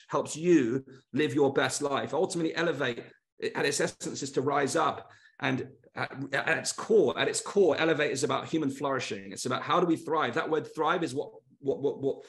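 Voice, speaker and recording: A middle-aged man hosting a motivational webinar, speaking earnestly and stressing points through repeated short lists. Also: mid-range voice. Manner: earnest, repetitive emphatic lists. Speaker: webinar host.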